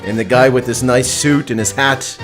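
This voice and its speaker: Cheerful guy cohosting a live stream, middle pitch, faint music under him. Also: steady tone, normal speed. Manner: upbeat, reads viewer comments, laughs easily. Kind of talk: casual live-stream chat.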